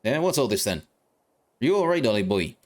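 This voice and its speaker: A man's voice: medium pitch, very animated, brisk, a little hiss or hum, lightly acted. A man voicing a cheeky, bossy male fairy sidekick creature in a video game, with brash, slangy, teasing talk. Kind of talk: reading game dialogue aloud.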